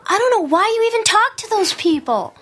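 Flustered, high-voiced counter girl. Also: very animated, a little fast, a bit bright, heavily acted. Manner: flustered, chatty. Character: chatty, easily flustered young woman. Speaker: soda counter worker. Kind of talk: radio drama acting.

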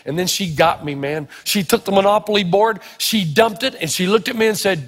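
High-voiced emphatic male preacher. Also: a bit bright. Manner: emphatic, punchy short phrases, dramatic pauses. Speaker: pastor. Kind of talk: sermon with storytelling. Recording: long hall reverb.

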